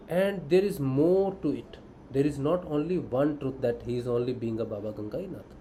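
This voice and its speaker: A man's voice: mid-range voice, mellow, slight background noise, low-quality recording. A man giving a devotional teaching talk, earnestly asking his own questions and answering them as a disciple. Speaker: spiritual disciple explaining scripture.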